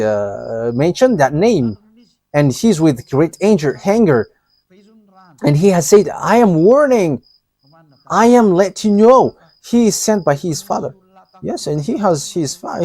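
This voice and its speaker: A man's voice: a little high, warm tone, no echo. A man giving a live religious teaching, talking hesitantly with many fillers and restarts and laughing often.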